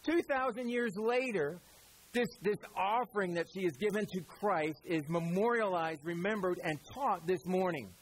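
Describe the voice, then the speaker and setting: Man, pastor, sermon, high voice, husky, chatty asides, acts out quotes. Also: poor audio. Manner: conversational preaching with quick asides.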